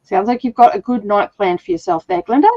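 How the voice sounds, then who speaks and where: Hosting a livestream reading sprint, this woman chats casually and laughs a lot despite a sore throat that leaves her voice a bit rough. Her mid-range voice is very animated and a little fast. The audio is dull but free of echo.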